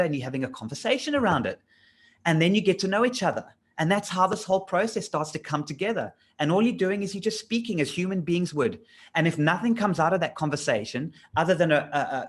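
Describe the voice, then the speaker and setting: A middle-aged man teaches in a relaxed, chatty coaching style. His tone is keen and animated, and he drives home his points with rhetorical questions. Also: fairly high pitch, a little fast. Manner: enthusiastic, conversational, pushes points with rhetorical questions. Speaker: LinkedIn trainer. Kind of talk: casual coaching lesson.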